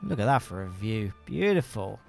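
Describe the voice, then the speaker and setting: A man's voice: lowish voice, very animated, normal speed, vocal fry, faint music behind. A man in his thirties giving casual, wry let's-play commentary, explaining as he plays. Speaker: gaming YouTuber.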